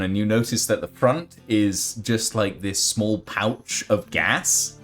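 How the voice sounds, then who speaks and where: A man's voice: fairly low pitch, a little slow, soft background music. A man running a tabletop game as game master, narrating casually with many fillers.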